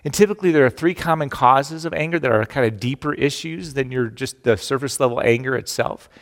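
A middle-aged man preaching a sermon, animated and emphatic, acting out the quotes he tells. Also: medium pitch, brisk, in a large hall. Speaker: pastor.

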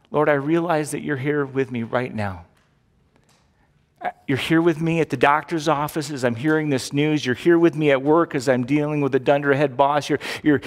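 A male pastor delivers a sermon in a friendly, conversational way, cracking small jokes and pushing his voice up for emphasis. His voice sits a bit high for a man. The sound carries the long reverb of a church sanctuary. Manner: conversational, jokey preaching with emphatic rises.

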